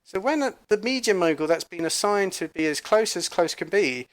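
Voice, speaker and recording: A man telling a story to camera in a rambling, halting way, with fillers, restarts and emphatic asides. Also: sits high, lively intonation. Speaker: commentator recounting an encounter.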